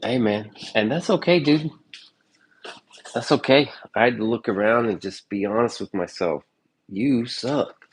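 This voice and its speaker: A man's voice: fairly low pitch, normal speed, a little hiss or hum. A man chatting casually in his kitchen in a vlog, joking and swearing loosely. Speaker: streamer. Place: home kitchen.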